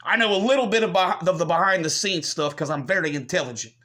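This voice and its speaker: A man's voice: high voice, fast talker, pushed and bright. A man from the United States hosting his own channel, giving combative commentary full of profanity and scorn. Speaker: channel host. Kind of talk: ranting commentary.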